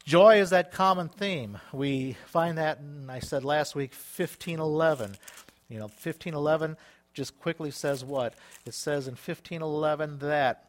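A man preaching a sermon to his church, lively and conversational, bursting into exclaimed hallelujahs and acting out little quoted exchanges. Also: a little high, unhurried. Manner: animated, with sudden exclaimed hallelujahs and acted-out quotes. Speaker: pastor.

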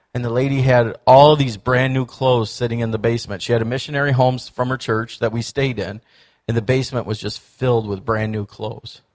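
A man preaching a sermon in a church, telling stories and acting out quoted voices. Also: mid-range voice. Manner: storytelling, animated, acts out quoted voices. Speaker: pastor.

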